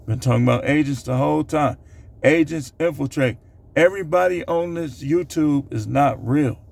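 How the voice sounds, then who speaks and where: A man's voice: a little high, gravelly, darkish tone. A man hosting his own channel, talking loosely to the camera as he counts down a numbered list, with plenty of fillers and asides. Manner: loose, rambling delivery with many fillers. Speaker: channel host. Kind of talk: casual vlog monologue counting down a numbered list. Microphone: camera recording himself.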